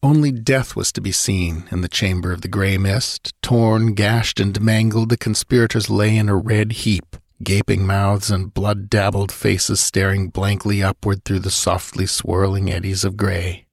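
A man narrating a story in a steady, dramatic reading style. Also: on the low side, measured pace, creaky, hardly any pauses, dry recording, clean studio sound. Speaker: audiobook narrator. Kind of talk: scripted narration.

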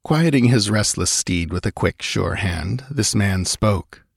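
Guy reading a fantasy audiobook, low husky voice, dry close sound. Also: expressive, unhurried, no room sound. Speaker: audiobook narrator. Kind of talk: scripted narration.

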